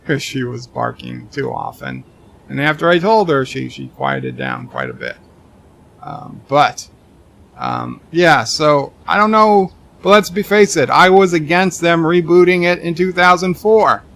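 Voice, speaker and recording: Gravelly, bright-voiced male game streamer. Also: fairly high pitch. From Texas. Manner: joking, deadpan replies to viewer comments; rambling asides with many restarts. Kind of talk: live-stream chat reading while gaming.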